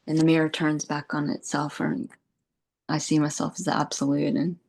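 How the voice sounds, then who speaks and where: Woman spiritual teacher, low voice, unhurried, meandering meditative talk with soft laughs. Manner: soft, unhurried and meandering, with frequent "you know" and "like" and gentle laughs.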